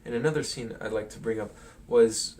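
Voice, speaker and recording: A man's voice: medium pitch, a little fast, a little mellow. A man chatting casually through a movie analysis, rambling with lots of fillers and chuckles. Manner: rambling, filler-heavy, chuckles while talking. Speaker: film commentary vlogger. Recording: distant mic with faint noise.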